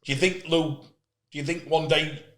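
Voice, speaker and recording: Middle-aged host, passionate storyteller, bright tone, roomy sound. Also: male voice, fairly high pitch, steady tone, moderate pace. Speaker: host, player agent. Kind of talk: casual interview chat. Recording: echoey room.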